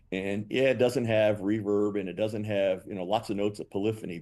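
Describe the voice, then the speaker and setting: An older man, a company founder and guest, telling animated stories and acting out both sides of past conversations. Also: lowish voice. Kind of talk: storytelling interview answers.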